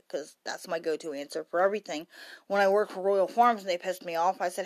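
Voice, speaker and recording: A woman's voice: mid-range voice, quick pace, a bit bright. A tired woman in a late-night, rambling monologue, heavy on swearing and punchy emphasis. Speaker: vlogger.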